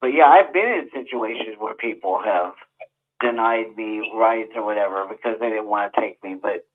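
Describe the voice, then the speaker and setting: A man's voice: lowish voice, moderate pace. A man hosts a call-in show, talking sympathetically and with emphasis as he answers a caller. His voice sounds narrow and phone-like. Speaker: host.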